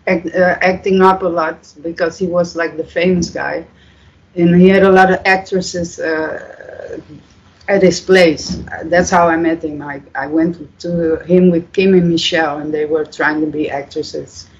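A guest talks loosely through an interview, halting often and swearing freely. The voice sits at a middling pitch. The recording is dull and lo-fi. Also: fairly even intonation. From Netherlands. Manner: rambling, halting, many fillers, swears freely. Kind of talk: casual storytelling.

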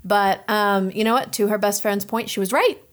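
A woman's voice: medium pitch, moderate pace. A woman, the podcast's producer, chiming in casually with hesitant fillers and corrections. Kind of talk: casual chat.

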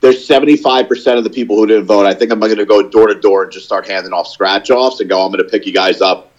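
A young man with a slightly low voice co-hosts a casual podcast. He rambles through stories and leans on filler words as he goes. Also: fast talker, darkish tone, lo-fi sound. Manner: rambling storyteller, lots of "like" fillers. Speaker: podcast co-host. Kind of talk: casual chat.

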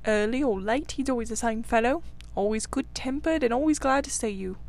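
A woman voicing a good-natured, cheerful male water rat in a storybook reading, talking briskly and warmly. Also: fairly high pitch, gravelly.

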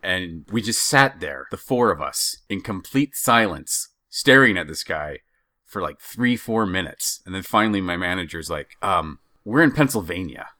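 A man from the western United States, co-hosting a podcast and telling a story in a casual, halting way, with lots of restarts. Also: deep voice, no room sound, clean studio sound. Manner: animated, halting, with many restarts. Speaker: podcast co-host.

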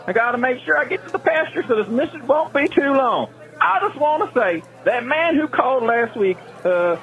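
A man voicing an excitable Texan cowboy caller, folksy and gushing. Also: extremely high pitch, pitched above the performer's own voice. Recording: muffled lo-fi phone message.

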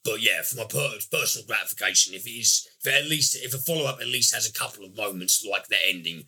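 Husky, very bright-toned man. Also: lowish voice, fast talker. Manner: rambling, self-correcting, apologetic, laughs a lot. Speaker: podcast co-host. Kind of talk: casual review chat.

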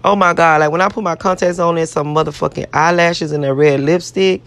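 Low and brisk, this woman's voice stays fairly even in intonation. As a vlogger speaking casually to her viewers, she rambles in a brash, cursing, boastful manner, clearly adoring herself and repeating what she says.

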